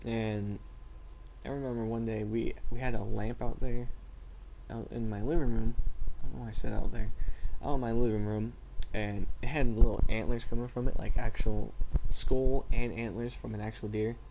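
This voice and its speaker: A man's voice: medium pitch, fairly even intonation, normal speed, vocal fry, dark tone, slight background noise. Laid-back teenage guy rambling casually. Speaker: vlogger. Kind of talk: casual chat.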